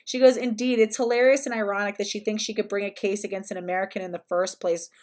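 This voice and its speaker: A woman's voice: mid-range voice, fairly even intonation, quick pace, darkish tone. A young woman hosting a casual livestream, talking in a chatty, sarcastic way with lots of "like" fillers. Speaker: livestream host.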